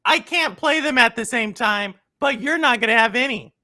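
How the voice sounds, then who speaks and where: A woman co-hosts a casual podcast chat in a high, bright voice with lively ups and downs. She teases her guest playfully and laughs along. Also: moderate pace.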